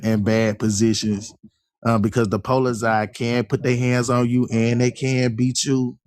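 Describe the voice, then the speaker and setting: A man's voice: mid-range voice, clear, resonant tone, no room sound, studio quality. A man chatting casually on a livestream, telling loose, slangy stories with lots of fillers. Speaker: livestream host.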